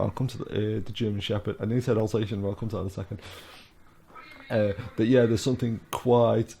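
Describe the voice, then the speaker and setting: Brief: British man, middle-aged, gravelly, rambling casual film commentary. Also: lowish voice, level tone, fast talker, mellow, slight background noise. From United Kingdom. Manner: rambling, full of fillers and asides.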